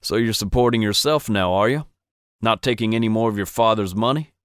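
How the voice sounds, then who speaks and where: A stern ranch boss barks curt, bossy orders, voiced by a man. His voice sits fairly low. The sound is dry and close. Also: brisk, fairly bright tone, smooth, no room sound, lightly acted.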